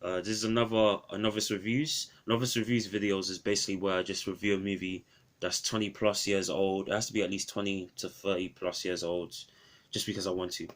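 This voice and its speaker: Low-voiced casual man reviewing films. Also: level tone, fairly quick. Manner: rambling, offhand, often restarts phrases. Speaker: film reviewer.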